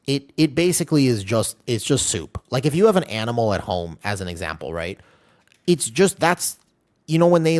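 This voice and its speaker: Rambling, lively-voiced male streamer. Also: medium pitch. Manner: rambling, chatty, reacts to chat. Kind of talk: casual chat while gaming.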